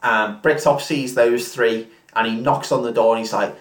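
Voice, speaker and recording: A man's voice: medium pitch, steady tone, normal speed, reverberant. A man casually retelling a film plot in a rambling, sweary way, full of fillers. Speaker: podcast co-host retelling a film. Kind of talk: casual drunken chat.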